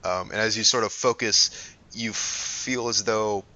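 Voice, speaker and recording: A man narrating a tabletop game as game master, halting and full of fillers as he describes scenes. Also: lowish voice, fairly even intonation, sharp tone. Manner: hesitant, lots of ums and restarts while describing scenes. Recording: dull lo-fi recording.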